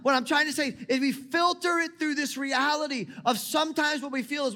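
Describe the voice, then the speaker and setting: A man in his thirties, a pastor, preaching a sermon to a congregation in a lively, conversational way, often calling on them to listen. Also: extremely high pitch, normal speed, few pauses. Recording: long hall reverb.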